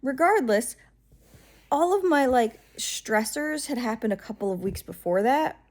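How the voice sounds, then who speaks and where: A woman's voice: fairly high pitch, animated, a little slow. A woman telling a story in a casual vlog, rambling and exasperated with a wry edge and lots of fillers. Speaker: vlogger.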